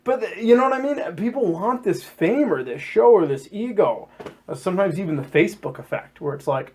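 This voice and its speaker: A man chatting casually on a podcast about scripture, his fairly high voice swooping up and down as he jokes. He keeps slipping into quick silly voices to act out what people say. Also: breathy edge. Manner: animated, jokey, acts out quotes in silly voices. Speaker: podcast co-host.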